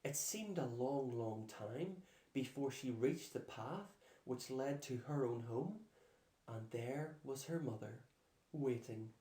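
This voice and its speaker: Slow man reading a bedtime story. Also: mid-range voice, dark tone. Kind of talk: reading a children's storybook aloud. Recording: echoey room.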